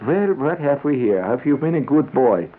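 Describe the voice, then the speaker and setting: A man's voice: mid-range voice, big pitch swings, moderate pace, voice pushed up. A man voicing a fussy, avuncular older doctor with a slight foreign accent and a pompous, murmuring manner. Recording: tinny 1970s radio broadcast.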